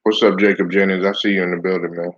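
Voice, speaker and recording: Casting note: very low, husky male host, relaxed live-stream sports chat, muffled lo-fi sound. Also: fast talker, dry recording. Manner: loose, chatty, greets viewers by name.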